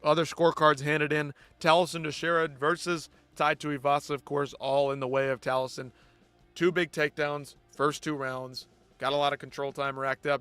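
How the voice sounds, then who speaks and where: A man's voice: a little high, little pitch movement, normal speed, fairly bright tone, smooth, dry recording, faint music behind. A man hosting a live post-fight show, ranting bluntly and with heavy swearing. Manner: blunt, profane, exasperated ranting. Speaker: host.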